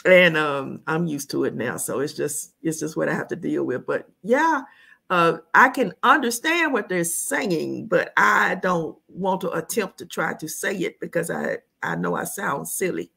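A woman's voice: low-pitched, unhurried, gravelly, breathy edge. A woman from the United States, a guest in a casual conversation, telling stories with lots of laughter. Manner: animated storyteller, laughs often.

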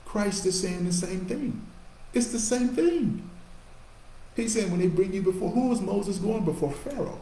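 An animated male pastor teaching from scripture, calling out to his congregation and then dropping into low asides. His voice is mellow and warm. The recording sounds roomy and echoey, with a faint hiss underneath. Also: gravelly. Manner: animated, swings between loud exhortation and low asides. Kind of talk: sermon teaching.

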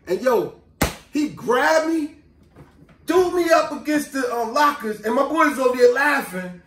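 A man tells a story in an animated, slangy way, his fairly high voice swooping up and down a lot. The sound is roomy and echoing, with the mic set some way off. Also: normal speed, recorded from a distance. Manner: animated, street-slang storyteller who breaks into asides and acted quotes. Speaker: vlogger. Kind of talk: casual storytelling to camera.

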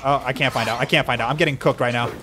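A young man giving casual, excitable, self-mocking commentary while playing a video game, yelping when he gets hit. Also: mid-range voice, racing, background noise. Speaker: gaming YouTuber.

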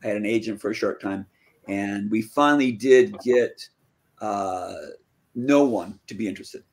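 A man, a fantasy author, casually telling the story of his writing career in an interview, acting out quoted dialogue with lively jumps in pitch. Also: normal speed.

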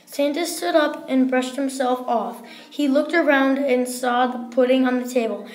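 A woman reading a children's story aloud in a careful, unhurried way. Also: high-pitched, steady tone, a little mellow. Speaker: storybook reader. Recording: roomy echo.

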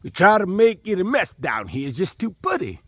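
A man's voice: high-pitched, huge pitch swings, fairly quick, husky, no echo, voice pushed up, full character voice. A man voicing a wealthy, protective old rural landowner who talks in a folksy country dialect.

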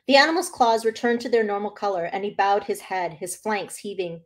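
Woman author reading her novel aloud; expressive first-person delivery. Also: mid-range voice.

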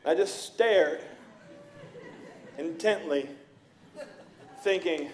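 A middle-aged male pastor preaching in a church, with a fairly high voice. He tells stories in an animated way and acts out the people he quotes. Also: drawn-out words, a little hiss or hum. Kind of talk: sermon. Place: church sanctuary.

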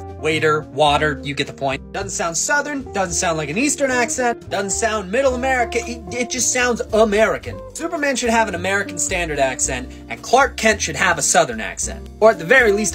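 A creator in their twenties from the US West Coast, ranting casually and comically, swearing often and poking fun at themselves. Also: mid-range voice. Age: 20s. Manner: animated, swears often, self-deprecating. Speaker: TikTok creator. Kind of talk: casual comedic opinion rant.

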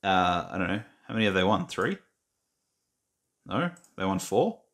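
A young Australian gaming vlogger with a deep, slightly bright voice sounds very animated while speaking at normal speed. In casual screen-recorded commentary, he reads quiz questions aloud, muttering and poking fun at himself.

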